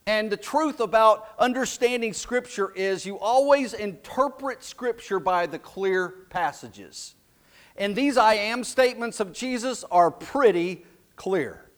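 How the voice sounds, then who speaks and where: A man preaching a sermon as pastor, slow and emphatic, dropping his voice low and soft for key lines. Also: lively intonation. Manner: slow, emphatic preaching with dramatic drops to a hush.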